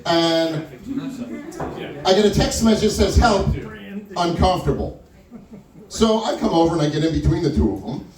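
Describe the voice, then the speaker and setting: A man performing stand-up, telling a story in an animated way and acting out the other people's lines. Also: a little high. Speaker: stand-up comedian. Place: small wine lounge stage. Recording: echoey room with mic far off, crowd audible. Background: audience laughter and crowd chatter.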